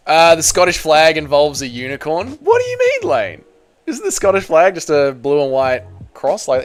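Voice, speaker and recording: Casual man chatting with his stream chat. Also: mid-range voice. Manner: banter, reads chat messages aloud and answers viewers. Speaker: streamer reading live chat.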